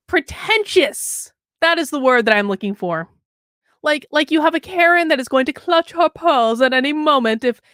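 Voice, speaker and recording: A woman's voice: sits high, a bit bright, no echo, studio quality. A woman hosting a political commentary show, reading an article aloud with sarcastic, mocking asides and chatty anecdotes.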